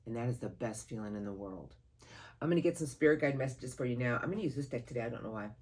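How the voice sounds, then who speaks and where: A tarot reader giving a monthly reading to camera, earnest and encouraging, who speaks aloud to spirit guides and breaks into sudden excited, louder bursts. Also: quick pace, husky. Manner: animated, sudden jumps in pitch and loudness, laughs at the cards.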